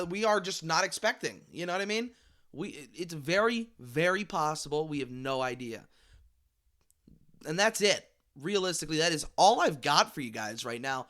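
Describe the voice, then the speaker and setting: Bright-voiced man ranting to camera. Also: fairly high pitch. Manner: animated, rambling, trips over words. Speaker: vlogger. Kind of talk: casual ranting commentary.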